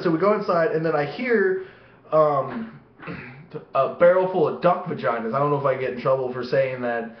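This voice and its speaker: Speaking at a normal pace in a slightly high voice, this vlogger tells rambling, profane stories to the camera and often laughs at his own tales. The echoey room gives the recording a dull, lo-fi sound.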